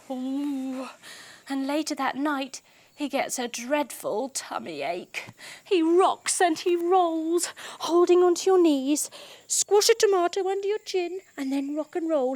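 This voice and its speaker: A woman's voice: sits high, a little slow, a little mellow. A young adult woman teaching yoga to children through a story, playful and sing-song, adding silly sound effects. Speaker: kids yoga instructor.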